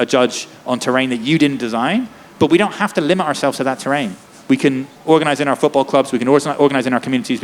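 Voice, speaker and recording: A man, a lawyer and activist, speaking with passion at a festival tent talk, filling his speech with "like" and "right?". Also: medium pitch. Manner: impassioned, rapid, many "like" and "right?" tags. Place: festival tent before an audience.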